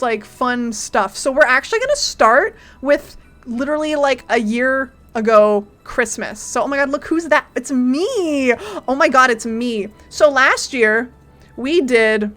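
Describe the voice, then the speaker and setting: A young woman from Canada chatting casually on a livestream, giggly and excitable, swearing casually as she talks. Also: fairly high pitch. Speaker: streamer.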